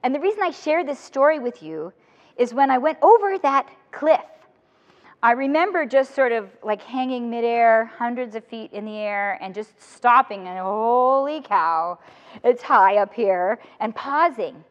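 A woman speaker telling an animated, humorous story to a room of student teachers. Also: on the high side, normal speed. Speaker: motivational speaker. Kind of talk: lively talk to student teachers. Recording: long hall reverb, dull lo-fi sound.

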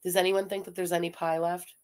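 A woman's voice: fairly low pitch, little pitch movement, quick pace, darkish tone. A woman giving blunt, sarcastic reaction commentary, mocking what a streamer says.

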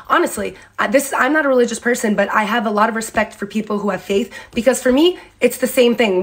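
A young woman giving a candid motivational talk, blunt and expressive, swearing freely and acting out her own self-talk. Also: medium pitch. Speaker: speaker in a reposted clip.

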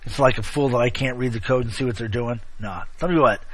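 A man hosting an online show, rambling casually with chummy shout-outs and sarcastic asides. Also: medium pitch, fast talker, slightly rough, no room sound. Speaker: internet show host. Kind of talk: casual chat, rambling commentary.

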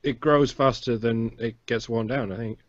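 A man's voice: mid-range voice, fairly even intonation, normal speed. Hesitant rambling man. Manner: hesitant, rambling, with filler words. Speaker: podcast guest. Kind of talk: casual group chat. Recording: dull lo-fi audio.

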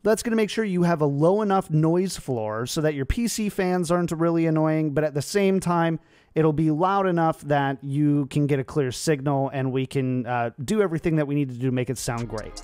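A man hosting a tech tutorial, giving upbeat, clear explanations at a home streaming setup. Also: a little high, moderate pace, a little mellow, no room sound, studio quality.

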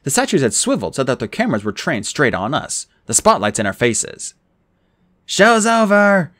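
A man narrating an adventure audiobook in the first person, with a dramatic, expressive reading. His pitch leaps around through the action beats. The recording is dry and close, with no room sound. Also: fairly quick, no room sound. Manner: expressive, dramatic reading with raised character lines. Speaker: audiobook reader.

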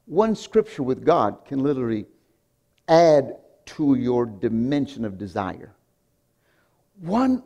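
A man's voice: fairly high pitch, mellow. A pastor preaching a sermon to his congregation, emphatic, with frequent restarts, chuckles and calls of "come on, church". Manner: emphatic preaching with repeated call-outs to the congregation.

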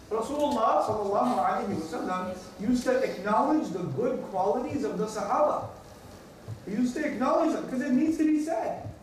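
A man's voice: extremely high pitch, darkish tone, a little hiss or hum. A man giving an earnest Friday sermon, acting out short everyday dialogues as he explains. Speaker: preacher. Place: large mosque hall. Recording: distant echoey hall recording.

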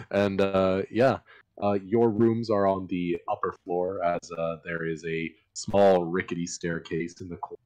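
A man with a deep voice narrates a tabletop game at an unhurried pace. He hesitates often and laughs between descriptions. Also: a little mellow, poor audio. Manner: laughing often, slow and hesitant with many ums. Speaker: game master.

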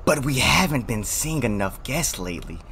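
A man voicing a slow-talking adult male motel worker from a horror game, low and drawn-out with an oddly calm manner. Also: gravelly, slight background noise. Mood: flat calm.

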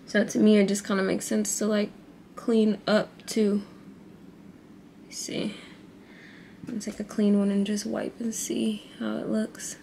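A woman's voice: mid-range voice, vocal fry, slight background noise. A young woman vlogging in a casual, chatty way, talking straight to her viewers with lots of fillers. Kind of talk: casual vlog chat.

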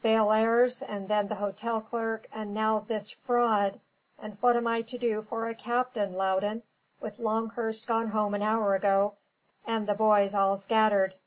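A woman's voice: medium pitch, little pitch movement, unhurried, dull audio, natural voice. A woman reading a storybook, voicing an impatient, snappish American businessman. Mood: exasperated. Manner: snappish, blustering.

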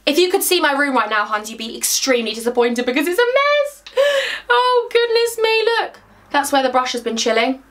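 A young woman chats through a makeup challenge in her bedroom. Her voice sits slightly high, and she gushes and talks to herself as she works. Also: very animated, fast talker, a bit bright. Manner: bubbly, gushing, talks to herself. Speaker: beauty vlogger. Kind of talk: excitable makeup vlog. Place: home bedroom.

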